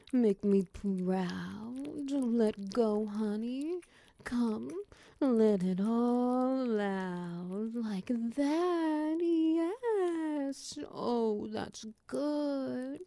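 A big, protective, doting lover, voiced by a woman murmurs in a whispered role-play, unhurried and soft. The voice is low-toned and gravelly, with a mellow, warm color. The recording sounds close and dry. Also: no room sound, heavily acted. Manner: slow, soft, cooing and teasing, drifting into whispers. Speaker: voice actor in audio role-play.

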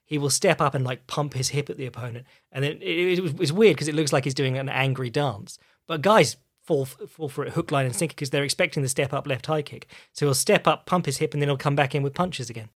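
A man's voice: a little high, fast talker, hardly any pauses. A man with a posh English accent hosting a casual solo podcast, chatty and swearing casually. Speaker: podcast host.

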